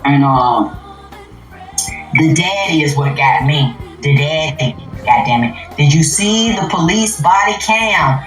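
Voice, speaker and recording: A woman's voice: expressive, slow, reverberant, faint music behind, low-quality recording. Profane, emphatic woman livestreaming. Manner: profane, emphatic, swings from low muttering to high shouts. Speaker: livestream host. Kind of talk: unscripted livestream rant.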